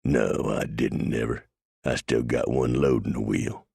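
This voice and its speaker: A dim, cowardly Texan outlaw growls his threats in a very deep, gravelly drawl with a Texas accent, as a male narrator plays him. The voice is husky and dry, close to the mic in an audiobook. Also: steady tone, a little slow, darkish tone, no room sound, full character voice. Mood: defiant.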